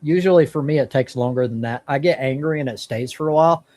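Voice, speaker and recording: A man's voice: mid-range voice, fast talker, darkish tone. A man hosting a live stream, talking casually and bluntly with plenty of swearing as he works through his thoughts. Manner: blunt, profane, talks through his thinking. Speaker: stream host.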